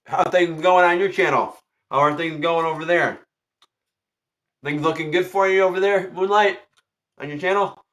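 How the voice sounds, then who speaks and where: A high-pitched man chats loosely with his livestream viewers, circling back to the same phrases again and again. He greets people by name and talks in a relaxed, repetitive flow as a tarot reader waiting for clients. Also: normal speed, pauses often. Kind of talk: casual livestream chat.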